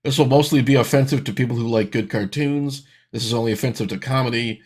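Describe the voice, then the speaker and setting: A man's voice: mid-range voice, quick pace, a little mellow, husky. A man in his thirties hosting a reaction video, with sarcastic, exasperated ranting commentary.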